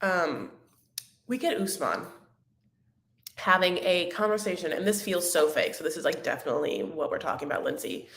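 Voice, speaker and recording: A woman's voice: lowish voice, lively intonation, normal speed. Gossipy woman in an echoey room. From Arab-American. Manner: catty, dramatic, gossipy with sudden loud outbursts. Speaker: podcast host recapping a reality show. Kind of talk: casual recap chat.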